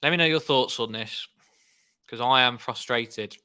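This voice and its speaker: A man's voice: medium pitch, a little slow, smooth. A young man hosting a live football watchalong, giving exasperated fan reactions as the match plays out. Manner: animated, exasperated fan commentary.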